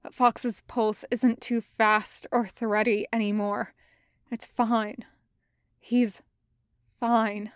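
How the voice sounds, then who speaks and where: A woman reading the lines of a young male cadet, hoarse and halting as he reports to a superior, in a crisp close recording. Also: fairly high pitch, little pitch movement, dry recording. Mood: strained.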